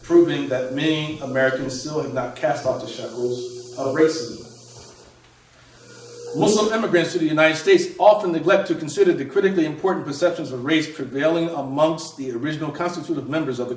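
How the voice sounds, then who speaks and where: A man's voice: fairly high pitch, recorded from a distance, slight background noise. Man reading aloud in an echoey room. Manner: measured reading with restarts and asides. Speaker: author reading from his book. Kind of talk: reading aloud from a book to an audience.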